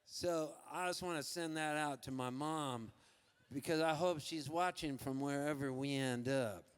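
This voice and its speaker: A man telling a funny story between songs at a live festival concert, loose and laughing as he slips into quick voices for the people in it. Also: on the high side, in a large hall, soft background music. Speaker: folk singer-songwriter telling a story on stage. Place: outdoor festival stage.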